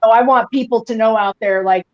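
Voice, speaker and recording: A woman in her forties, talking in a slightly high voice and rambling through a personal story with constant "like" and "you know". Her audio comes through dull and lo-fi, like a remote call. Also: steady tone, fairly quick. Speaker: guest on a fan podcast. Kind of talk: casual chat, emotional storytelling.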